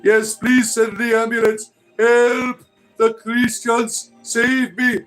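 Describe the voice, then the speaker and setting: A man's voice: little pitch movement, slow pace, a bit bright, soft background music, exaggerated voice, low-quality recording. A man voicing a helpless, whiny demon who shrilly begs to be rescued. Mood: wailing panic. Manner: shrill, whiny, panicked pleading.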